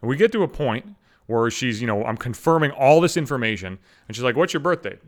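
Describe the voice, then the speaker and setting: A man's voice: mid-range voice, animated, a little fast. A man in his thirties hosting a podcast, ranting angrily with constant swearing and mocking asides. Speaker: podcast host. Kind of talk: profane ranting monologue.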